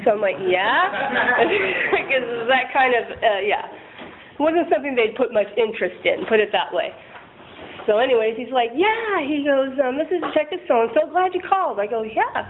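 A woman's voice: high voice, very animated, moderate pace. A woman candidly sharing a rambling, self-deprecating personal recovery story, laughing often. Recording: tinny phone-like line with faint noise.

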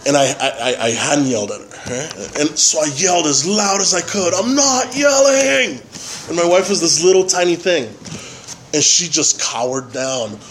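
A man giving a personal testimony at a recovery meeting, halting and full of fillers and tag questions. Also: a little high, animated, a bit bright, slight background noise, low-quality recording. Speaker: member sharing at a recovery meeting.

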